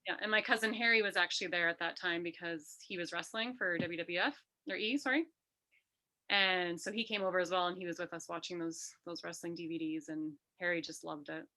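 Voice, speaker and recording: A woman being interviewed, telling a personal story in an animated way. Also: on the low side, fairly quick. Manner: animated, re-enacts quotes in a lively voice. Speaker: interview guest.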